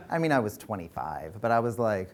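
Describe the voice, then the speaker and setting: Frank, animated male workshop coach. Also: on the low side, slight background noise. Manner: frank and animated, swears freely, laughs while telling stories. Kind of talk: candid workshop storytelling. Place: workshop room.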